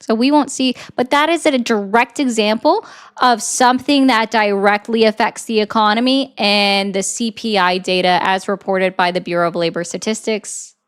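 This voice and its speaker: A woman political commentator, arguing and explaining at a quick, assertive clip. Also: mid-range voice, steady tone, smooth. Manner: rapid, assertive, lecturing.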